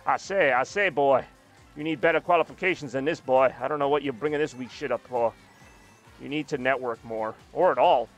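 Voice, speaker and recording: A man voicing a gruff old Southern prospector with a Southern accent, drawling and scornful. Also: mid-range voice, fairly quick, faint music behind, lightly acted.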